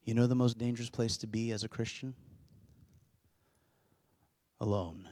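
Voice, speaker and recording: A man in his thirties preaching a sermon. He builds to loud, urgent climaxes, then drops to quiet, low-voiced passages. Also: fairly even intonation, moderate pace, long pauses. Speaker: pastor.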